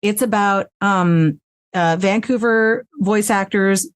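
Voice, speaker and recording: Frank, animated woman voice actress. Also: mid-range voice, slow, smooth, no room sound. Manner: frank, animated, swears freely. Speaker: voice actress and guest. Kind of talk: casual interview chat. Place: home recording space.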